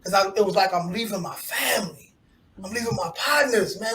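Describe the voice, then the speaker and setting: Guy with a high voice getting real and fired up on a podcast, far from the mic, echoey. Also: a little fast, pushed and bright. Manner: candid, emphatic, gets worked up. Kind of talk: casual podcast discussion. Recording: roomy, distant mic with faint noise.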